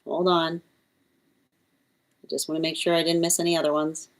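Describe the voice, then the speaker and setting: A woman giving live-streamed tarot readings, chatty and quick to laugh, cooing at her cat between readings at home. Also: low-pitched, flat delivery. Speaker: tarot reader.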